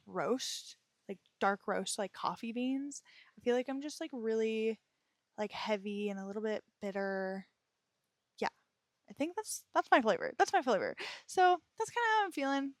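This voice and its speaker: A woman hosts her solo podcast in a gentle, reassuring way, sounding tired and emotionally weighed down. Her voice sits a bit high, and she often stumbles over words and laughs at herself. The recording is close and dry, with no room sound. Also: no room sound. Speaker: podcast host. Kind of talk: casual solo podcast talk.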